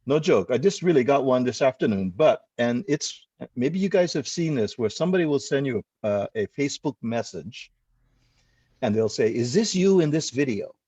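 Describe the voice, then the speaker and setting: A man's voice: medium pitch, normal speed, breathy edge, no echo, highs cut off. A man, hosting a casual chat and telling stories that act out what people said. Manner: animated storyteller who acts out quoted exchanges. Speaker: host. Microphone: video call.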